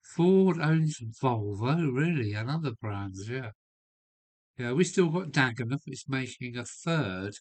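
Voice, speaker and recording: Englishman, middle-pitched, blunt and rambling live-stream chatter. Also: lively intonation, slow pace, a little mellow. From England. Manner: blunt, opinionated, rambling, with mild swearing. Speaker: model railway live streamer. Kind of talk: casual rambling chat to a live audience. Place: home loft. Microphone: live stream setup.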